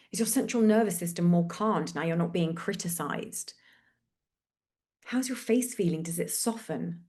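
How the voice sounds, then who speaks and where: A woman hosting a webinar, leading a slow, gentle guided reflection exercise over a video call with repeated prompts. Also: mid-range voice.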